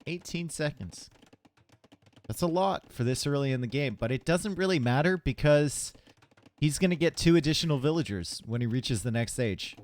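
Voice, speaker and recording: A man casting a live strategy game tournament, chatty and relaxed, chatting with viewers between plays from a home stream setup. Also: a little high, moderate pace. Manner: casual, chatty, talks to chat between plays. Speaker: tournament caster. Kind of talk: live esports commentary.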